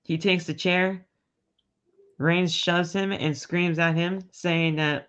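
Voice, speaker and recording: A man co-hosting a podcast, retelling a wrestling match in an animated play-by-play way. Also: fairly high pitch, slow pace, clean tone. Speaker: podcast co-host. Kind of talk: casual wrestling recap. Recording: dull lo-fi podcast audio.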